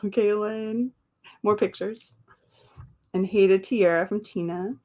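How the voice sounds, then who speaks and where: Unhurried and steady, her mid-range voice has a dark tone. She's a livestream host keeping things casual, reading out viewer comments, talking in between, laughing frequently and drifting off on tangents.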